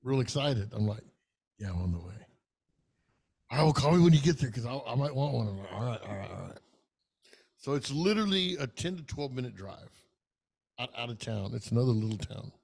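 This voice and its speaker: A middle-aged man with a gravelly, dark voice spins a rambling, profane story on a casual podcast. He talks loosely and animatedly, cursing freely as he goes. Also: mid-range voice. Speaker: podcast co-host.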